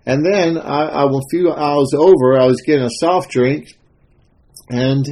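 A man's voice: on the high side, a little slow, darkish tone. A man giving an informal devotional talk as a minister, telling a story with many fillers and restarts. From Texas.

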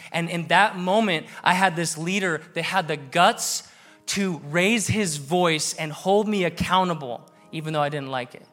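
A man's voice: on the high side, a bit bright. A man in his thirties preaching a sermon, earnest and building to emphatic exhortation. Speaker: pastor.

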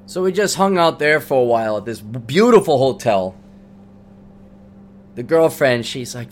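A man's voice: medium pitch, animated, normal speed, slight background noise. A middle-aged man hosting a podcast, telling a rambling story in a casual monologue with many restarts. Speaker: podcast host.

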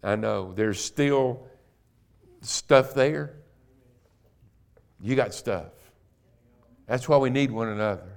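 Guy guest preaching, middle aged, quiet emotional story then loud emphatic preaching, mid pitch voice. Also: takes it slowly, creaky, long pauses. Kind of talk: sermon. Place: church sanctuary.

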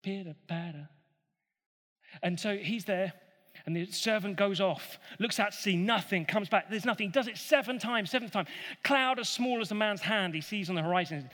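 A man retells a Bible story in a casual, animated way, dropping in jokey asides. His voice is high and bright, and the recording carries a long hall reverb. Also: moderate pace.

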